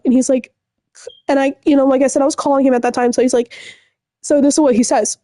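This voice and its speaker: A woman's voice: sits high, level tone, brisk, mellow, dry recording, clean studio sound. A young woman telling a breakup story to the camera in a rambling, upset way, full of fillers and swearing. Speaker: vlogger. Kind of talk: casual storytime rant.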